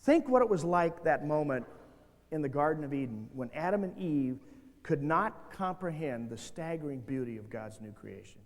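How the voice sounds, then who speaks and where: A man's voice: a little high, animated, moderate pace. A middle-aged man giving a passionate seminar talk to youth workers in a church hall. He tells stories animatedly and acts out the voices he quotes. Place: large church hall with audience. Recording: reverberant hall, glitchy VHS tape transfer.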